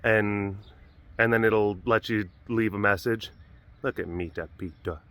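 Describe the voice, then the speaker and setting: Bright-voiced man rambling outdoors. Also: lowish voice, steady tone, unhurried, no echo. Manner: rambling and jokey, with many restarts and fillers. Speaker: vlog host at an animal sanctuary. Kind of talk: casual rambling storytelling. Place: outdoors at an animal facility.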